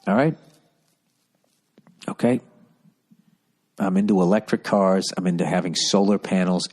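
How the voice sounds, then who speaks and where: A man's voice: deep voice, a little mellow, breathy edge. A middle-aged man hosting a podcast, rambling through a profane, ranting monologue full of stories. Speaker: podcast host.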